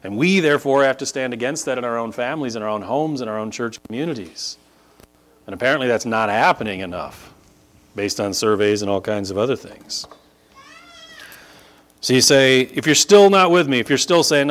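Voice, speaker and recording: A man preaching a sermon, moving between quiet conversational asides and loud, drawn-out emphatic peaks. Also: medium pitch, lively intonation. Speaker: pastor.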